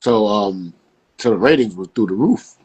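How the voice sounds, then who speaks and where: A man in casual podcast chat as a guest, telling stories with slang and jumping up in pitch when he acts out quotes. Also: normal speed, husky, lo-fi sound. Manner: animated storyteller, jumps high acting out quotes, casual slang.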